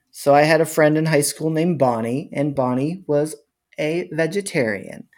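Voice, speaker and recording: A man on a podcast casually telling a story, chatting in a relaxed way and talking to the listeners. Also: medium pitch. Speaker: podcast co-host.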